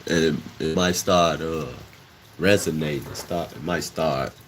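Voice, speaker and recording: A man's voice: rumbling low, fairly even intonation, a little slow, a little hiss or hum. A man from Chicago with a Chicago accent, talking loosely on a casual livestream and getting heated and emphatic as he goes. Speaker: livestream host.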